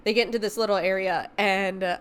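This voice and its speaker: A young woman hosting a podcast, recapping a movie in a casual, animated, profanity-laced way full of fillers. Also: mid-range voice, quick pace, clean tone. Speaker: podcast host.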